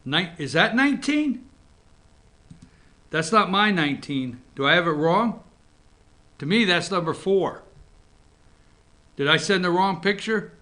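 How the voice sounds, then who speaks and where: A man's voice: high voice, animated, a little slow, long pauses, sharp tone. A man hosting a casual morning show from an office, joking around and talking to his crew. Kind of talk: casual talk-show commentary.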